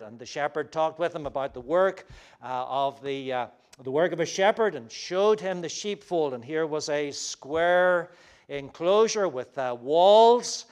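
A man's voice: a little high, clean tone. A man giving a conversational sermon as pastor, with frequent fillers and restarts and emphatic quotes of scripture. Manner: emphatic when quoting scripture.

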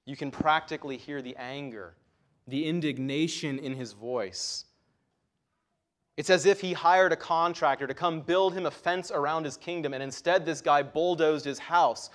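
A man's voice: fairly high pitch, normal speed. A man preaching a sermon in an earnest, emphatic way, his voice rising and dropping to stress key points.

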